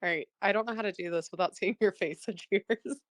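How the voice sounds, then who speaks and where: A woman's voice: medium pitch, fairly quick, dry recording, studio quality. A woman as a podcast guest in casual chat, teasing and giggling a lot.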